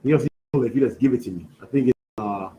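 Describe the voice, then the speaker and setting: A man's voice: mid-range voice, quick pace, warm tone, muffled recording. A man teaching a scripture class, firing questions back at his students and stressing key words in a call-and-response style. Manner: quizzing students with repeated questions, emphatic; peppers talk with "you know what I'm saying".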